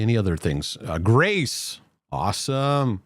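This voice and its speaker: A man's voice: mid-range voice, lively intonation, moderate pace, darkish tone, no room sound, clean studio sound. A man hosting a Christian mental health livestream, chatting casually and reading out viewer comments, laughing easily between them. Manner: chatty, laughs easily, many fillers and restarts.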